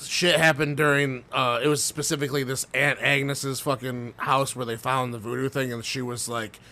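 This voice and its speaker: A man's voice: medium pitch, level tone, normal speed, bright, forceful tone. A man co-hosting a podcast, rambling through a story, swearing often and laughing as he goes. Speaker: podcast co-host. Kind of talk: casual profane chat.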